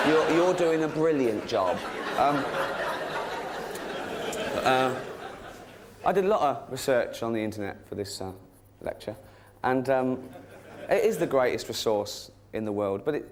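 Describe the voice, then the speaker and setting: Sardonic English man doing stand-up. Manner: sardonic, swearing, mock-shrill voices for imagined people. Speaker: stand-up comedian. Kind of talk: stand-up comedy set. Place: theatre stage before a laughing audience. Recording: live stage recording with audience noise.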